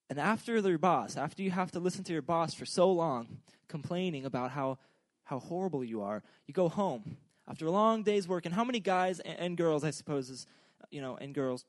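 Young man preaching, slightly high voice, joking and rambling, dry close sound. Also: animated, a little fast, few pauses, dry recording. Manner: joking, rambling, self-deprecating. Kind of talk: humorous casual sermon.

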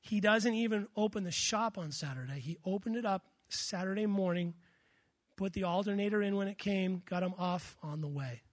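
A man preaching a sermon, telling a story with lively quoted voices. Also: high-pitched, moderate pace, dry recording, clean studio sound. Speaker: pastor.

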